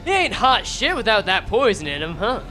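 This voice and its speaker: A woman's voice: mid-range voice, big pitch swings, fairly quick, sharp tone, faint music behind. Woman doing a drawling Texas cowboy. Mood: mocking swagger. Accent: put-on Texas. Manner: drawling Texas twang, folksy cursing. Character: gruff cowboy man, boastful and folksy.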